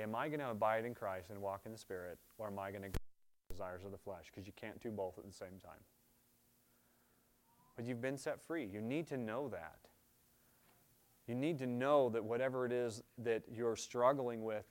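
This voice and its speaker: A man's voice: mid-range voice, slight background noise. Earnest man preaching a sermon. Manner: earnest, builds to loud emphatic scripture readings, then quieter pleading. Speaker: pastor. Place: church service.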